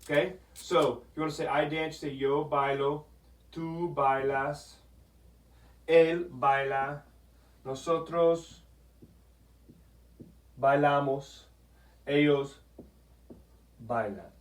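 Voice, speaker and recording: A man's voice: fairly high pitch, steady tone, distant mic. Man teaching Spanish verbs in an echoey room. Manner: patient, repeats "okay?" often, models pronunciation slowly. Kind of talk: classroom grammar lesson.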